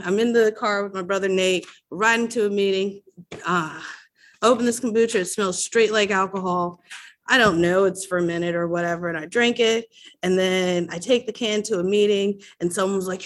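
A woman sharing her personal recovery story at a support meeting, candid and animated, acting out other people's voices. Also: mid-range voice, normal speed.

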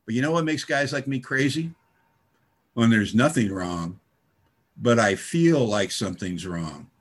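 A man's voice: medium pitch, expressive, unhurried, slightly rough. A middle-aged man speaking at a recovery meeting, telling his story with wry, self-mocking humor.

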